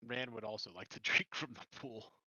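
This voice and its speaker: A man playing a tabletop game, animated and halting, sometimes speaking in character. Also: mid-range voice, muffled recording, slight background noise. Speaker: player. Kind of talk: tabletop role-play chat.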